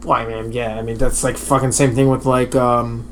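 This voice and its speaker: A man's voice: mid-range voice, level tone, normal speed, a little hiss or hum. A man co-hosting a podcast in casual chat, rambling and swearing as he talks. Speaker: podcast co-host.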